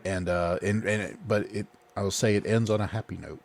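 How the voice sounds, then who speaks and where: A man's voice: lowish voice, fairly even intonation, brisk, vocal fry, a little hiss or hum. A man co-hosting a casual podcast, telling stories in a rambling way with many fillers. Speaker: podcast co-host. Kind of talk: casual comedic chat.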